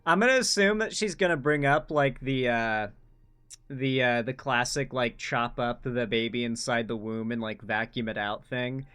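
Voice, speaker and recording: A man reacting to clips as the host of a casual commentary channel. His voice sits at a middle pitch, and he talks bluntly, swears freely and rambles through restarts. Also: moderate pace, pushed and bright, clean tone.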